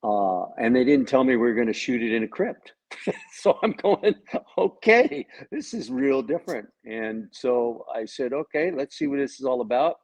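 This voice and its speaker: With an animated, mid-range voice that's a little mellow, an actor speaks at normal speed in a casual video-call interview about his role. He's jokey and tells stories that quote other people. The recording quality is low.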